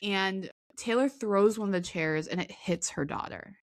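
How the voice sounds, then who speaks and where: A woman podcast co-host talking in a loose, chatty way, piling on fillers and slipping into the voices of the people she describes. Her pitch sits in an ordinary middle range. The recording is close and dry, with no room sound. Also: a little slow, no echo. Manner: animated storyteller, acts out quotes, many fillers. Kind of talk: casual chat.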